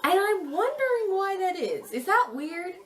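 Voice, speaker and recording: Young woman, exchange-student vlogger, animated sing-song delivery, giggly and unsure, casual chat. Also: extremely high pitch, moderate pace. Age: young adult. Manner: chatty, giggly, thinks aloud with hedges.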